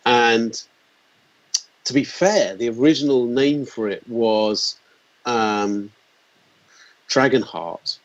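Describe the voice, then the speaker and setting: A man in his forties telling animated anecdotes as an interview guest, acting out the quotes. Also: medium pitch, slow pace, pauses often. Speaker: guest, company founder. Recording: dull lo-fi sound.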